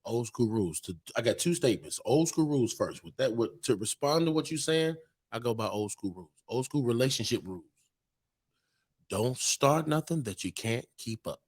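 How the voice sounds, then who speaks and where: A man's voice: medium pitch, lively intonation, moderate pace, a little mellow, breathy edge. A man co-hosting a podcast in a bar, giving blunt, preachy relationship advice full of slang in a casual chat. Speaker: podcast co-host. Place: bar on location.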